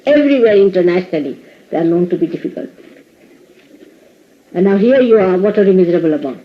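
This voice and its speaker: A female spiritual teacher addresses her followers in an indoor ashram hall, teasingly scolding them and laughing a lot. She speaks fast with a lowish voice and lively intonation, preserved on a dull, lo-fi 1980s tape recording.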